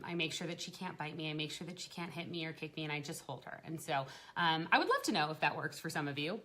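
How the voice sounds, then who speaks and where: A woman's voice: deep voice, fairly bright tone. A young adult woman talking casually to other parents in a live stream, with frequent fillers, restarts and small laughs. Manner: chatty, laughs often, many fillers and restarts. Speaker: parenting group host.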